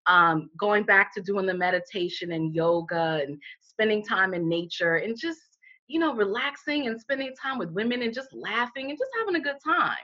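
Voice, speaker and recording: A woman's voice: medium pitch, lively intonation, normal speed, pushed and bright. A middle-aged woman, an interview guest who founded a healing center, telling her personal story candidly and emphatically, with many "you know" fillers. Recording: dull lo-fi recording.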